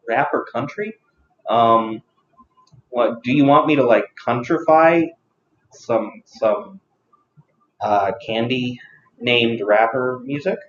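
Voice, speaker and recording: A man's voice: mid-range voice, a bit bright, a little hiss or hum. Rambling, self-mocking man on a stream. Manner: rambling, self-deprecating, talks to chat. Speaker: live stream host. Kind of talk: casual live stream chat. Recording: roomy, slightly dull recording.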